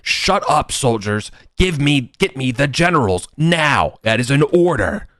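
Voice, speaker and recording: A man's voice: mid-range voice, sing-song, unhurried, fairly bright tone, dry recording, clean studio sound, voice pushed up. A man voicing the severed head of a dead male commander who barks orders and looks down on everyone. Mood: furious. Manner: barking orders, haughty.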